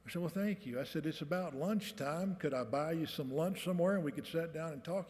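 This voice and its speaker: A man's voice: fairly high pitch, normal speed. A man, giving a commencement speech in a folksy storytelling way and reading aloud at a podium microphone. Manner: folksy, animated storytelling with voiced quotes. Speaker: commencement speaker. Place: large hall, on stage. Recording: reverberant hall.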